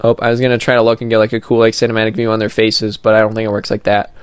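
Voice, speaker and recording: A man's voice: fairly low pitch, level tone, racing, smooth, no echo. A young man giving casual let's-play commentary as he plays, chatty and goofy with playful sing-song asides. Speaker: gameplay commentator.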